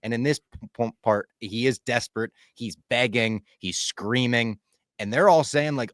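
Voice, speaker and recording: A man's voice: mid-range voice, unhurried, dry recording, clean studio sound. A young man co-hosting a podcast in casual chat, animatedly recapping scenes and acting out lines. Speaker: podcast co-host.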